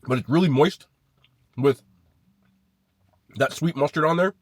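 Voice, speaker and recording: A man's voice: on the high side, a little slow, dry recording. Blunt man reviewing food. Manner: blunt, swears casually, rates food out of ten. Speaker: food vlogger. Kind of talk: casual food review vlog.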